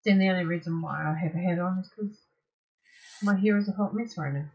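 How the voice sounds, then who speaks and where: Husky woman co-hosting, dull off-mic sound. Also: lowish voice, brisk, darkish tone. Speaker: co-host. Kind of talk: casual live-stream chat.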